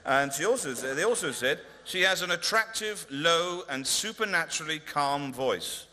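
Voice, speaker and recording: A male comedian presenting an award at a ceremony in a large converted hall, delivering dry, deadpan, mock-pompous stand-up. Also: on the high side, moderate pace. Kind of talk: stand-up style presentation speech. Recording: reverberant hall with faint noise.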